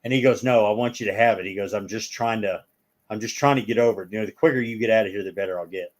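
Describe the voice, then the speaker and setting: A man's voice: on the low side, rapid-fire. A man telling long stories as a guest in a casual chat, rambling and acting out the people in them.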